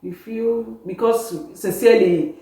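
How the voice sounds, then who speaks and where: A woman in her thirties, a guest telling stories in casual interview chat, animated and laughing often. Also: on the high side, unhurried. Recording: very echoey room, distant mic.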